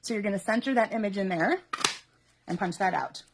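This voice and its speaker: A woman's voice: medium pitch, a little fast, background noise. A woman hosting a live card-making demonstration, chatty and instructional, laughing often as she talks viewers through each step. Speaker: papercraft host.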